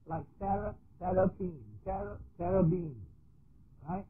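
A man preaching a sermon, teaching slowly and deliberately with repeated examples. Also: sits high, fairly even intonation. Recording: tinny phone-like archive recording with faint hiss.

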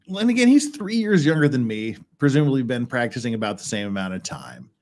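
A man's voice: medium pitch, sing-song, quick pace, a little mellow. A man co-hosting a podcast, reading court filings aloud and riffing on them with wry sarcasm. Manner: wry, reads legal text aloud then riffs sarcastically. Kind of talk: casual legal commentary.

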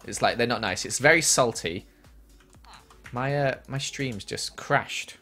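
A man's voice: mid-range voice, measured pace, pushed and bright, soft background music. A young man streaming a game, chatting casually and answering chat questions from a small room at home. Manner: chatty, reads chat aloud and answers while playing.

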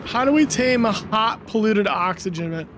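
A man's voice: high voice, animated, normal speed, background noise. A male streamer giving live gameplay commentary, rambling and puzzled, asking himself questions aloud as he plays.

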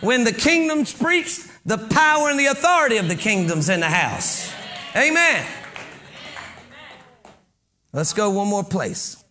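A man preaching a sermon as pastor. He reads scripture aloud, stops to explain it, and builds to fervent shouts on key points. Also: high-pitched, big pitch swings, unhurried, pauses often, slight background noise.

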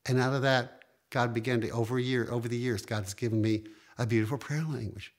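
A man preaching a sermon in a voice of ordinary pitch. He swings from quiet, slow phrases to sudden high, loud emphasis. He laughs lightly now and then while he preaches. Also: fairly even intonation. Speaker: pastor.

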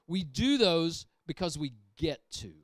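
A man preaching a sermon, emphatic and repetitive, moving from loud passages down to hushed ones. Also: on the high side, big pitch swings, measured pace, dry recording, studio quality. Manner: emphatic, repeats phrases, shifts from loud to hushed. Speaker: pastor. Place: church sanctuary.

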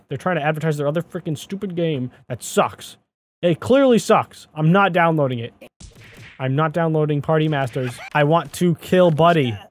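A man hosting a gaming video, giving excitable let's play commentary and talking to the game character as he plays. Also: a little high. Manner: excitable, talks to the game character, often exclaims. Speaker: gaming channel host.

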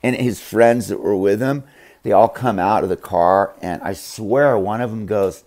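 Brief: gravelly low male storyteller, slow, swooping delivery, profane and rambling. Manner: profane, rambling, animated, acts out others' voices. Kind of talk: casual storytelling monologue.

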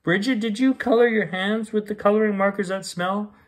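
A man voicing a fretful, excitable mother in a read-aloud storybook, exclaiming and yelling. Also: high voice, a little fast, pitched above the performer's own voice, natural voice. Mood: suspicious. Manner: frantic, exclaiming, rising to yells.

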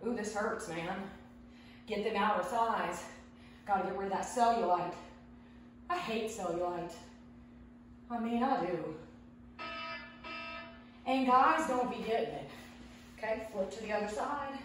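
A woman's voice: medium pitch, measured pace, long pauses, fairly bright tone, a little hiss or hum. Breathless woman, casual workout coaching, chatty, very echoey room, mic at a distance. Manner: chatty, talks while exercising. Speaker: fitness vlogger. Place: home room.

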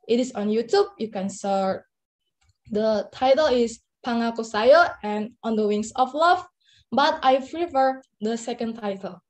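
A woman's voice: on the high side, low-quality recording. A woman learning English answers her teacher's question in a hesitant, polite way.

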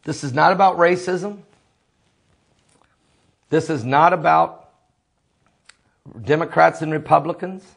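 A man who is a preacher, delivering impassioned commentary full of repeated rhetorical questions and sometimes rising to a shout. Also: fairly high pitch, steady tone, slow, gravelly, pauses often, breathy edge. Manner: fiery, rhetorical questions, repetitive.

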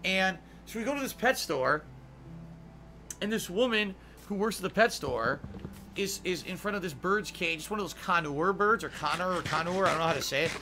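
A man's voice: sits high, normal speed. A man chatting casually while streaming a game, swearing often and ranting in heated, emphatic bursts. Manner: profane, ranting. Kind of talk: casual gameplay chat.

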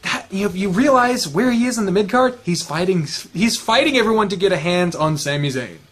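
Picture a man with a high-pitched voice who is hosting a loose, casual chat. He rants excitably and swears constantly, piling on one strong opinion after another. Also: a little fast. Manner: excitable, heavy swearing, ranting. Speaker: host.

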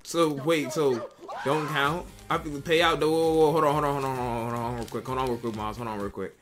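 A young adult man streaming live, chatting casually to his viewers. He swears freely and loops the same phrases over and over, in a middle-pitched voice, with faint music underneath. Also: steady tone, a little fast. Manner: profane, repetitive, talks to chat.

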